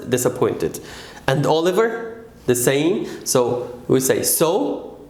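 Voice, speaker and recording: Male teacher, grammar lesson, slow patient delivery, fairly high voice, roomy echo. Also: darkish tone. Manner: slow, patient, stresses key words. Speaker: English teacher.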